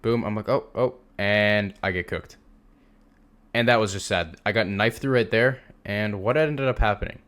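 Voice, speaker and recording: A man's voice: on the low side, moderate pace, a bit bright. A young man teaching a trading lesson over a screen share, casual and emphatic, repeating words for stress. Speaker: trading instructor.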